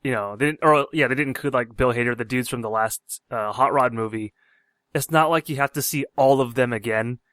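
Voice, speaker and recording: A man's voice: medium pitch, fairly quick, a bit bright, no room sound. A man with a mid-range voice, recorded dry and close, gives his side of a movie discussion. He is easygoing and hesitant, often restarting his sentences, and sounds like a podcast co-host in casual chat.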